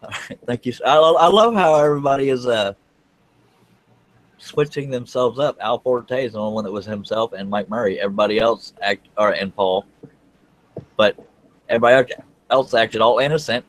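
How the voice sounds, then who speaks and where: A man's voice: mid-range voice, normal speed, long pauses. A man hosting a woodworking panel over a video call, chatty and teasing his guests. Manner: joking, teasing. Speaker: host of a woodworking panel show. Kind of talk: casual chat.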